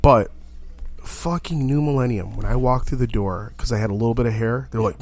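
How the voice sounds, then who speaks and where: A man's voice: mid-range voice, a little fast. A man hosting a casual interview, swearing freely and ranting emphatically. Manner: profane, emphatic, animated ranting. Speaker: interview host. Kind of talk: casual conversation.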